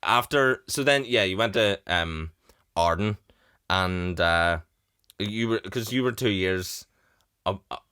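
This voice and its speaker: Low, bright-voiced young man chatting. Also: slow, clean tone. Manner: chatty, laughs often, acts out quotes. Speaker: podcast host. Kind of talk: casual chat.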